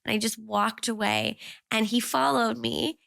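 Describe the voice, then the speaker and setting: A woman's voice: a little high, steady tone, measured pace, creaky, a bit bright, no echo, studio quality. A woman in her thirties, a guest speaking about her own parenting in a casual, reflective way, full of fillers and restarts. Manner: rambling, reflective, many fillers. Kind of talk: casual conversational interview.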